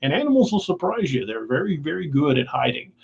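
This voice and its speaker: A man's voice: a little high, sing-song, fast, gravelly, slightly rough. A man telling outdoor stories as a guest, rambling and repeating words. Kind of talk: casual storytelling. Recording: dull lo-fi sound.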